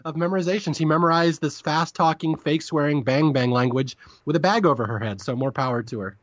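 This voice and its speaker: A man co-hosting a podcast, chatting casually and quickly about a comedy episode, often correcting himself mid-sentence. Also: on the high side, dry recording, muffled recording. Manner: rapid, chatty, self-correcting. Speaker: podcast co-host. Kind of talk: casual review chat.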